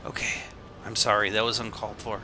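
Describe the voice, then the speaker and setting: A man's voice: on the low side, level tone, a little fast, background noise. A man streaming a game, chatting casually in a rambling, goofy way that keeps interrupting itself. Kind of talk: casual gaming commentary.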